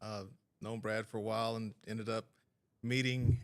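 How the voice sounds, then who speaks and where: A man's voice: fairly low pitch, level tone, moderate pace, gravelly. Earnest man telling a heartfelt story. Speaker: podcast producer. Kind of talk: casual podcast conversation. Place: podcast studio.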